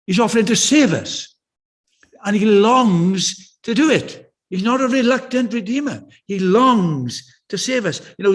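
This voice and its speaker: Older man preaching, high voice. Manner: conversational, anecdotal, with passionate swells. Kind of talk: sermon. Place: church.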